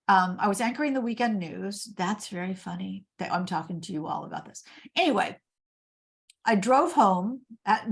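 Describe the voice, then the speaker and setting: An older woman from Indiana, a guest author, telling stories in an interview and acting out the dialogue in them. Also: mid-range voice. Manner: animated storyteller, acts out quoted dialogue. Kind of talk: storytelling interview.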